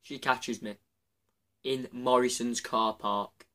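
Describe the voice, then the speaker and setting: A man's voice: medium pitch, steady tone, slow pace, pushed and bright. A man with a Yorkshire accent telling embarrassing stories about himself on his channel, rambling and chatty and laughing at himself. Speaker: channel host. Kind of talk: casual confessional storytelling.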